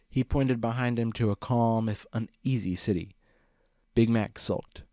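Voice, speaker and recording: A man's voice: medium pitch, steady tone, measured pace, darkish tone, dry recording. Man narrating a story, dry sound. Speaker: reader. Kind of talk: reading fan fiction aloud.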